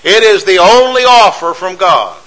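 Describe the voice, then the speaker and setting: Emphatic bright-voiced male preacher. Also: sits high, sing-song, moderate pace, poor audio. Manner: emphatic, repeats phrases for effect, rhetorical questions. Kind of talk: sermon.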